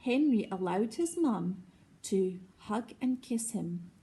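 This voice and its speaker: A woman reads a children's storybook aloud slowly and gently. Her voice is breathy and slightly high, with a lively, swooping melody. She often stops to ask the young listeners simple questions. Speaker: teacher reading aloud.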